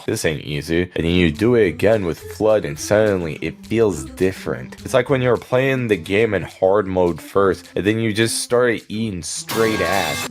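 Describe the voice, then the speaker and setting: Young man, low voice, sarcastic crude gaming commentary, soft music underneath. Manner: sarcastic, crude, fast joking rants with acted asides. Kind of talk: scripted video-game commentary. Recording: faint background music.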